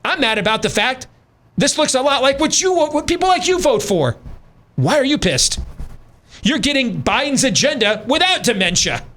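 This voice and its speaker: A man's voice: extremely high pitch, sing-song, normal speed, fairly bright tone. A middle-aged man hosting a radio talk show, ranting with sarcastic, emphatic commentary.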